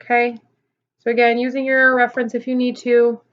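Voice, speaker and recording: A woman teacher talks through a recorded lesson in a fairly high voice. She explains patiently, step by step, with frequent "okay" and "um". The sound is a little dull and lo-fi. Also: monotone, a little fast. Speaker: Spanish teacher. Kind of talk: recorded classroom lesson video.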